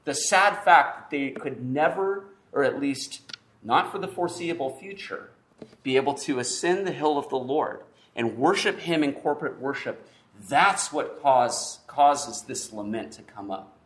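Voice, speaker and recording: A man preaching a sermon, with emphatic pauses and frequent restarts. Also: medium pitch, expressive, fairly bright tone. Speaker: pastor.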